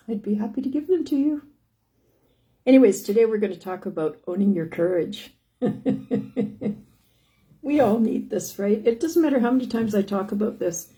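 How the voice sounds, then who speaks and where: A woman's voice: mid-range voice, dark tone. An older woman hosting a live stream, chatting casually and rambling with many restarts and "anyways". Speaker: host of a live stream about living with lung disease.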